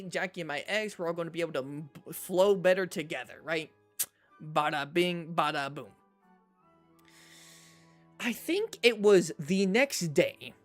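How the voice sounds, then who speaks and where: A man streaming, telling a personal story to his chat in a casual, animated way, often checking in with "right?". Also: sits high. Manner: animated storyteller, repeats himself, says "right?" a lot.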